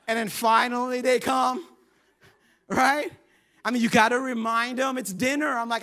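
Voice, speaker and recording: Brief: male pastor, lighthearted storytelling sermon, voice sits high. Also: fairly even intonation, fairly quick, sharp tone. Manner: humorous, conversational storytelling.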